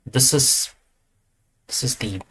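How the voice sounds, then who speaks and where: Man, casual tier-list commentator, mid-pitched, thinks out loud, hesitant, corrects himself often. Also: takes it slowly, a little hiss or hum. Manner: thinking aloud, hesitant with fillers and self-corrections. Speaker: esports tier list creator. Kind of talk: casual commentary while ranking.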